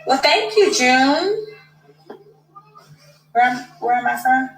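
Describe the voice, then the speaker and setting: A woman's voice: sits high, lively intonation, takes it slowly, a bit bright. A chatty woman from Dayton, Ohio, chatting casually with her viewers and asking them questions. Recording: echoey room with music behind.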